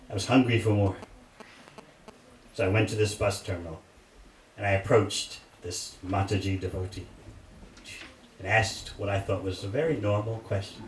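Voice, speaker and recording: Older monk telling a story to a crowd, voice goes up and down a lot, sounds far off in a roomy hall. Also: male voice, mid-range voice. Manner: animated anecdotes, laughing audience. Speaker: monk giving a class. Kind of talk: storytelling sermon. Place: temple hall. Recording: echoey hall, distant mic, faint hiss. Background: audience laughter.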